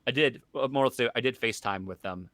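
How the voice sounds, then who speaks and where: A young man co-hosting a podcast, telling stories in a casual, animated way and laughing often. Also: medium pitch, quick pace, dry recording. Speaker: podcast co-host. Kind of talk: casual chat.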